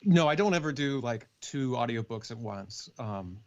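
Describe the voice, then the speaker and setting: A man with a mid-pitched voice, chatting as an audiobook narrator on a podcast. He talks in an easygoing way and laughs often. His audio sounds dull and lo-fi. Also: lively intonation, moderate pace. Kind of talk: casual interview chat.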